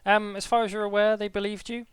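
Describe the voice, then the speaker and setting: A man narrating as game master, relaxed and rambling, with many fillers. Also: sits high, fast talker, clear, resonant tone, dry recording.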